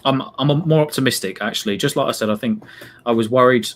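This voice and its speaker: A man's voice: mid-range voice, fast talker, slight background noise. A man co-hosting a live football watch-along, talking in a rambling, hesitant way. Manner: rambling, hesitant, lots of plugs. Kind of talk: casual live stream chat.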